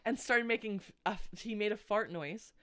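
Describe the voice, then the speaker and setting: A woman's voice: mid-range voice, brisk, a bit bright, clear, resonant tone. A young adult woman co-hosting a casual chat show, telling stories animatedly and swearing freely. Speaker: podcast co-host.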